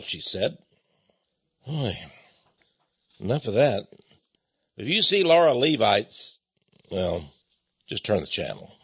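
A man hosting an opinionated news commentary in a sarcastic, exclamatory way, swinging between loud outbursts and hushed asides. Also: fairly low pitch, sing-song, slow, pauses often, husky, dry recording. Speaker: commentary host. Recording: dull, dry lo-fi recording.

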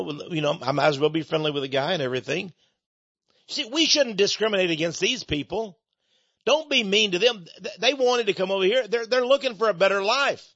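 An older man with a notably high voice hosts a talk show, rambling through a political monologue and stumbling over repeated words as he presses his point. The recording is dull and lo-fi, with a close, dry sound. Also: fairly bright tone, no echo.

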